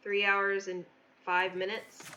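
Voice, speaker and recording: Woman game streamer with a bright, forward voice, dryly joking her way through a match. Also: mid-range voice, completely flat delivery, slow, a little hiss or hum. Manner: wry, chatty, self-deprecating. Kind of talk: casual live-stream commentary while playing.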